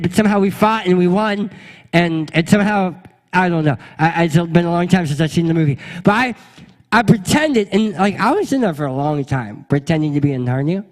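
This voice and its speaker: A young man preaching with a high, bright voice, telling a comic story and slipping into voices for its characters. His voice rings out with a long reverb, as if from a large hall. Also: animated, moderate pace, faint music behind. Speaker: pastor. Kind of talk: storytelling sermon.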